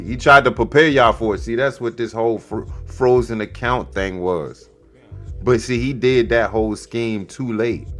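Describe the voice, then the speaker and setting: A man with a fairly low voice hosts a podcast in loose, casual commentary. He repeats himself and drifts into slangy asides. Faint music plays behind him. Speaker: podcast host.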